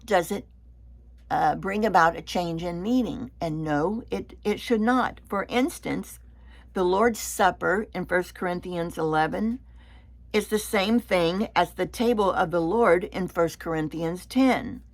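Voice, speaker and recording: A woman with a fairly low voice leads a Bible study lesson. She explains things slowly and deliberately, now and then repeating a word as she goes.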